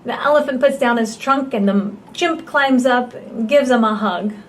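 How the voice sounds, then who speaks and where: Reading a picture book to babies and toddlers, this storyteller has a voice on the high side and moves at a normal speed. Her delivery is exaggerated, full of gasps and gentle questions meant to draw the child in, and a slight background noise sits underneath.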